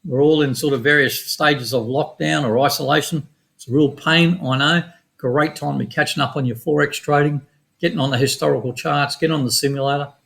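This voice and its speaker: A middle-aged man with an Australian accent walking through his forex trades in a quick, casual, matter-of-fact way with some slang. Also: on the high side, fairly even intonation, gravelly, a bit bright. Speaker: forex trading educator. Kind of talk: screen-share chart walkthrough.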